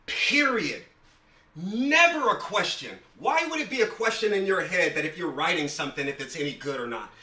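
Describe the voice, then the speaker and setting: Emphatic male writing instructor, higher voice, casual class talk, echoey room mic. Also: very animated, moderate pace, bright, forceful tone, distant mic. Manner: emphatic, repeats words for stress.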